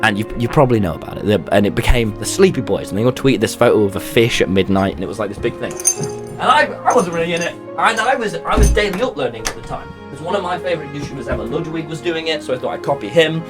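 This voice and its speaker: A young man tells a story in a rambling, casual way, peppered with swearing. His pitch swings widely as he talks. Faint music plays underneath. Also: sing-song, fast talker. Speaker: guest telling stories. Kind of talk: casual chat.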